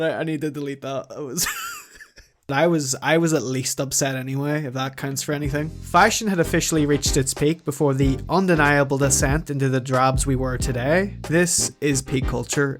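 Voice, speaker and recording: A commentary vlogger talks through a scripted voice-over, slipping in dry, sarcastic jokes. The voice sits at an ordinary middle pitch, and background music plays steadily behind the narration. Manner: sarcastic, joking asides.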